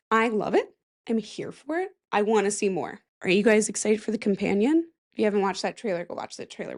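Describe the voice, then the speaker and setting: A young woman hosting a casual solo podcast, chatty and rambling, with self-mocking asides and a voice that cracks now and then. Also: medium pitch. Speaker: podcast host.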